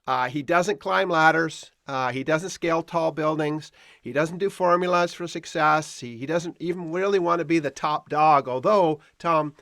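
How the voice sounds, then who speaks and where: A man's voice: fairly high pitch, normal speed, a bit bright, dry recording. Dry-sounding playful podcast host man. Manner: playful, teasing, emphatic. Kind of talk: conversational interview.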